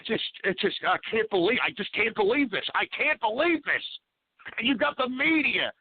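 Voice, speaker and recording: A man's voice: high-pitched, lively intonation, moderate pace, husky. A man hosting a radio talk show, ranting angrily and exasperatedly with lots of swearing. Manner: swears a lot. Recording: tinny phone-like radio audio.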